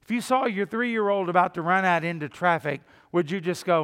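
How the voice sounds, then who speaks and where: A man's voice: high-pitched, fairly quick, few pauses, a bit bright, clean tone, long reverb tail. An older man, a pastor, preaching a conversational sermon, asking the congregation questions and putting on mock voices. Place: church sanctuary.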